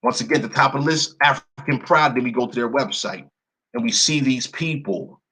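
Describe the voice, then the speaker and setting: A man hosting an online video, slowly reading long word lists off his screen and breaking in with blunt, indignant remarks. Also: mid-range voice, sharp tone, husky. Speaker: video host. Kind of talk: screen-share commentary reading from a list.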